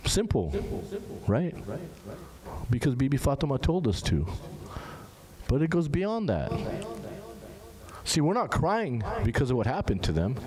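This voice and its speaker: A man's voice: measured pace, long pauses. A young man giving an informal sermon to a large gathering, talking to the audience in a conversational way and asking them questions. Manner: conversational, asks the audience questions, animated rises in pitch. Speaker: speaker at a Muharram gathering. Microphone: handheld microphone. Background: crowd of listeners.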